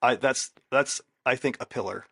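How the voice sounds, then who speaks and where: Guy therapist on a podcast, emphatic, keeps hammering the rules, mid-pitched. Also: moderate pace, creaky, pushed and bright. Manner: emphatic, repeats key rules, acts out quoted lines. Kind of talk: casual advice chat.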